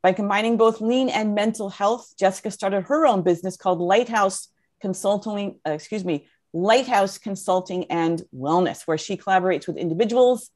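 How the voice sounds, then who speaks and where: A woman's voice: mid-range voice, moderate pace, a little mellow. A woman moderating a live webinar, upbeat and effusive, with frequent fillers as she introduces guests.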